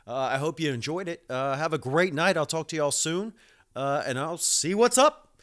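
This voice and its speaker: A man's voice: a little high, expressive, moderate pace, a bit bright. Man, thirties, podcast host, rambling, profane, lots of fillers. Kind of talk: casual monologue.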